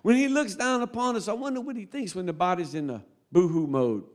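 A man preaching a sermon, folksy and close to tears, swinging between loud appeals and quiet asides. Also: sits high, brisk.

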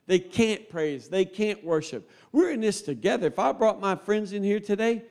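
Emotional preacher man. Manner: folksy and emotional, swinging between loud appeals and quiet, low asides. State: grieving, close to tears. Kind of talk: sermon.

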